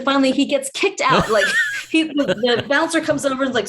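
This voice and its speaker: A woman from the food industry tells a long anecdote on a podcast, sitting a little higher than most women in pitch. She talks casually, keeps saying "like," and acts out the voices of the people in her story. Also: brisk, a little hiss or hum. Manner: lively anecdote teller who acts out others' voices. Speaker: food industry expert guest.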